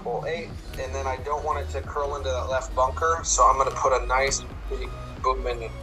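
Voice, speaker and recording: A man hosting casual commentary, calmly explaining his shots step by step while he plays. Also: medium pitch, a little fast, music in the background, poor audio. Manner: relaxed, explaining tips step by step. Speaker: host.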